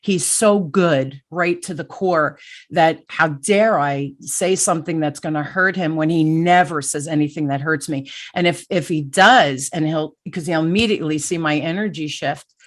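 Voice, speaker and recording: A middle-aged woman hosting a conversational interview, talking in an energetic, animated way and telling stories about herself. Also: low-pitched, moderate pace. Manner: energetic, animated, self-deprecating storyteller. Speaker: podcast host.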